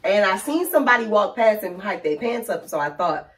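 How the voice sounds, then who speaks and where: A woman co-hosting a casual chat, telling stories in an animated way and acting out the people in them. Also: mid-range voice, fairly quick, far from the mic. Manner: animated storyteller, acts out the people in her stories. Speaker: co-host.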